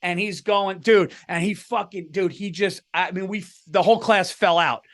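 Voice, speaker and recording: Middle-aged man, podcast co-host, casual chat, cursing storyteller, slightly high voice, dry close sound. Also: fairly even intonation, normal speed, fairly bright tone, no room sound. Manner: swearing storyteller, laughs through his stories.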